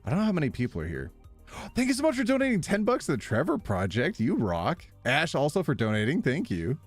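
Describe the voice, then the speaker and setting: A man's voice: fairly high pitch, fairly quick, soft background music. A man live streaming, chatting casually with viewers, reading their messages aloud and laughing often. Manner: animated, reads chat aloud and laughs a lot.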